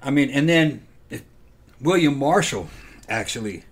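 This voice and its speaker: A man chatting casually about old films, halting and restarting often, swearing freely. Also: mid-range voice, animated, slightly rough.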